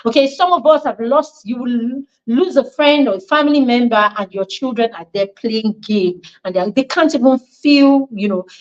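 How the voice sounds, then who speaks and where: A woman's voice: fairly high pitch, moderate pace, few pauses, darkish tone, dull audio. Emphatic woman teaching a parenting class. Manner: emphatic, repeats points and asks the listeners questions. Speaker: parenting coach.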